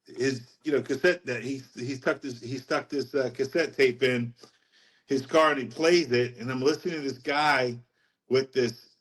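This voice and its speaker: A middle-aged man, a podcast guest, telling his faith story in a rambling, animated way and laughing at his own anecdotes. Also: mid-range voice, moderate pace, low-quality recording. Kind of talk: casual testimony storytelling.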